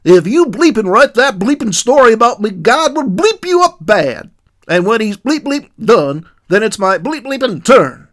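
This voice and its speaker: A man's voice: high-pitched, sing-song, normal speed, pitched above the performer's own voice. A man voicing a cowboy pastor in a furious, bellowing, nearly incoherent rage. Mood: furious yelling. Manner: yelling, red-faced, almost incoherent.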